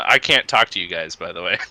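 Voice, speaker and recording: A man plays in a tabletop game with a very bright, lively voice that rises and falls a great deal. He chats casually in a laughing, self-deprecating way. His voice is close and dry, with no room sound around it. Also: lowish voice, no echo. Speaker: player. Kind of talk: casual chat.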